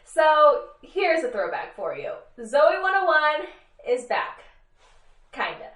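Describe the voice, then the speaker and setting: A young woman co-hosting a casual weekly recap, animated and full of fillers, acting out what others said. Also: high-pitched, slow. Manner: animated, lots of fillers, acts out quotes. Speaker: co-host. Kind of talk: casual news recap chat. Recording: roomy and a bit distant from mic.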